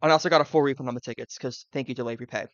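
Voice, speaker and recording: A man's voice: mid-range voice, steady tone, very fast, fairly bright tone, no room sound, dull audio. A man from the Southern US, streaming live and thinking aloud, rambling with fillers and side tangents.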